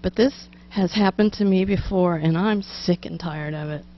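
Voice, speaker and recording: A woman's voice: fairly low pitch, moderate pace, dull audio, pitched below the performer's own voice, lightly acted. A woman reading out the lines of an indignant caller who complains in a fed-up, aggrieved way. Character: indignant caller whose sandwich was bitten.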